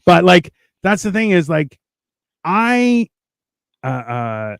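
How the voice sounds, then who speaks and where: A man's voice: high-pitched, sing-song, slow pace, smooth, no echo. A man on a casual podcast chat, blunt and crude, telling jokey stories. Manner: jokey, storytelling. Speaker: podcast co-host.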